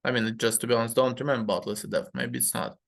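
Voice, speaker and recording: A man reading a story game aloud in a measured way, adding his own commentary with fillers. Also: medium pitch, gravelly.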